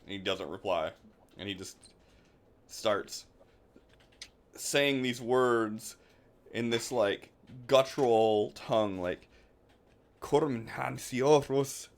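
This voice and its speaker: A man narrating a tabletop game as game master, with a dry, deadpan delivery. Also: on the low side, slow, pauses often.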